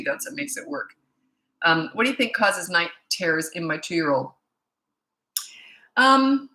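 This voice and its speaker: A woman coaching parents on a live stream, talking in a rambling, chatty way full of ums. Her voice sits a little low but has a bright, forward edge, and she sounds tired. The room around her is echoey. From Canada.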